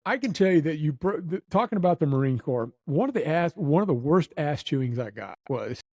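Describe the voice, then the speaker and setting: A man with a fairly high, mellow voice tells a story in loose, casual chat. He acts out the people he quotes with lively shifts of tone. The sound is close and dry. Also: a little fast, no echo, rough recording. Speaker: nightclub manager telling stories.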